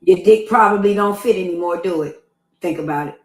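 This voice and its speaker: A woman's voice: lowish voice, fairly quick. Crude, teasing woman in an echoey room. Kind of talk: casual reaction chat.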